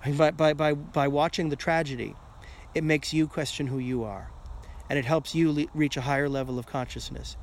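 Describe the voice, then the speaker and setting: Rambling man with a higher voice. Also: fairly even intonation, fairly quick, a little hiss or hum. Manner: rambling, keeps asking "okay?", swears casually. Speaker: podcast host. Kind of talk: casual solo monologue.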